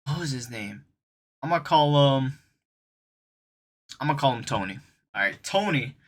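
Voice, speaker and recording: A man's voice: mid-range voice, animated, unhurried. A young man telling a story on his stream, talking casually in loose slang and speaking straight to his viewers.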